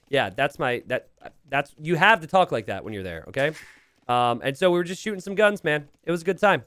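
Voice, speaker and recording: Young man, game caster, lively up-and-down voice, casual and rambling, dry close mic. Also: mid-range voice, brisk, no echo. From Pennsylvania, USA. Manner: casual, rambling, chatty with chat. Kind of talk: live-streamed game commentary.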